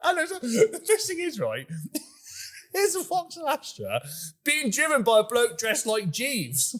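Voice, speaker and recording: Rambling young man, lively voice. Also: very high voice, unhurried. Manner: rambling, swears a lot, laughs often. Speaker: podcast co-host. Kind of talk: crude casual banter.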